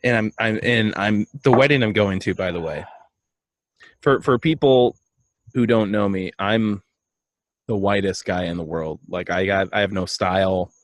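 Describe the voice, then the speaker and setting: A man co-hosting a casual comedy chat, telling a story in a halting, self-deprecating way and acting out the voices of the people in it. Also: lowish voice, dry recording. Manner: animated storyteller, acts out voices. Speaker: podcast co-host.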